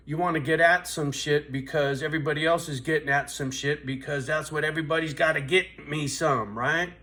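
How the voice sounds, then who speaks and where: A man's voice: on the high side, pushed and bright. A man in his fifties telling a blunt, profane, streetwise story in a vlog, asking "right?" again and again. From US West Coast. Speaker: vlogger.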